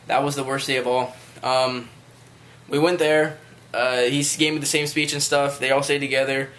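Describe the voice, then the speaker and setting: A man's voice: mid-range voice, little pitch movement, normal speed, fairly bright tone. A man telling a rambling, casual story to his viewers, with loose phrasing and frequent swearing. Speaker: vlogger.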